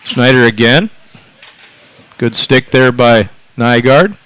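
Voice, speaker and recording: A man doing relaxed, chatty play-by-play for a local high school hockey game. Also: takes it slowly, smooth, rough recording. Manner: easygoing, chatty, lots of fillers. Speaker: play-by-play announcer.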